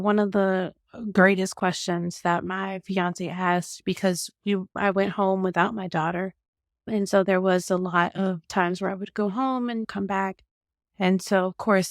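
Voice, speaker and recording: A woman's voice: mid-range voice, no room sound, studio quality. A woman hosting a podcast, talking casually and sharing her own experience, with frequent fillers. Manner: chatty, many fillers like "like" and "literally". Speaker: podcast host. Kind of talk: casual conversational interview.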